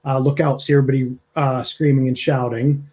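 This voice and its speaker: A man narrating a tabletop game as game master. His voice is mellow and warm-toned. He talks at an easy pace with plenty of ums. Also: mid-range voice, a little fast. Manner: relaxed, with many fillers.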